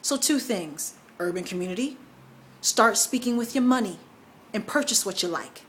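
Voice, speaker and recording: A woman's voice: medium pitch, expressive, normal speed, slight background noise. Emphatic, opinionated young woman vlogger. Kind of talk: casual opinion vlog.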